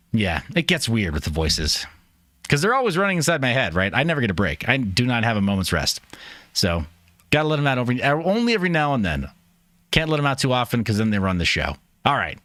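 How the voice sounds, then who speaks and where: A man's voice: mid-range voice, very animated, moderate pace, fairly bright tone, no room sound, clean studio sound. A man hosting a livestream, chatting casually in a joking, rambling, self-mocking way. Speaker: livestream host.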